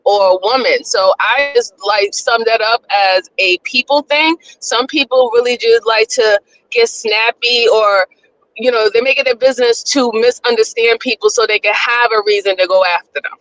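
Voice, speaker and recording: A woman from New York vents on a live talk stream in a high, bright voice. She swears freely and sounds fed up, and a faint hiss runs under the audio. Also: normal speed, poor audio. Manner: exasperated, profane ranting. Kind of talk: casual reaction chat.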